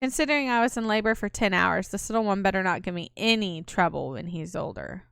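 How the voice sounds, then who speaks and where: A woman's voice: mid-range voice, fairly quick, creaky, fairly bright tone, clear, resonant tone, no room sound, clean studio sound. A woman voicing a doting young mother who coos at her baby in a sing-song way.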